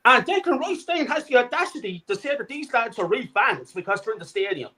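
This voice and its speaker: A middle-aged man tears into a furious, profane rant as a fan-channel co-host. His voice sits high and leaps all over the place as he shouts. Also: big pitch swings, fairly quick, a little hiss or hum, low-quality recording. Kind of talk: angry ranting fan commentary.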